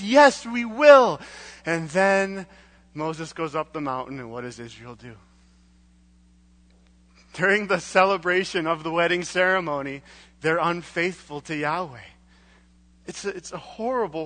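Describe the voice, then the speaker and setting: A young man preaching a casual, conversational sermon in church, chatty and relaxed with frequent fillers. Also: high-pitched.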